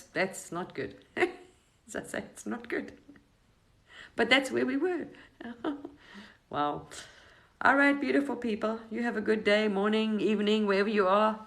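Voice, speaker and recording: A middle-aged woman hosting a casual live stream, rambling gently through spiritual advice with frequent restarts. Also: mid-range voice, gravelly, poor audio. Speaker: livestream host.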